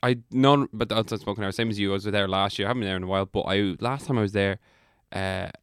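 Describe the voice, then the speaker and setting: A man's voice: fairly low pitch, fairly even intonation, very fast, smooth, no echo, studio quality. A man, co-hosting a casual comedy podcast in an easygoing, self-mocking way. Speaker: podcast co-host.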